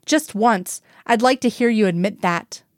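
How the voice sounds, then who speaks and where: A woman's voice: medium pitch, measured pace, no room sound, studio quality, lightly acted. A woman reading the lines of a male FBI agent who talks in tense, clipped bursts of anger. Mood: angry. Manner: tense, clipped, sharp outbursts.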